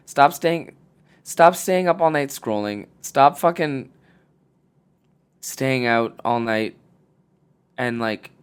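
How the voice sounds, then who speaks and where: A young man hosts a podcast and gives casual advice. He is blunt and profane, joking constantly and breaking into loud, animated bursts. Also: mid-range voice, smooth. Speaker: podcast host. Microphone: podcast mic.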